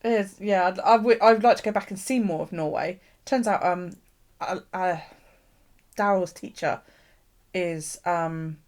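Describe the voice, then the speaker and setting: Chatty British woman, low-voiced. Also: unhurried, darkish tone. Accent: British English. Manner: chatty, swears casually, frequent ums and laughs. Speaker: live-stream host. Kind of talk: rambling casual chat with live viewers. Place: home craft desk.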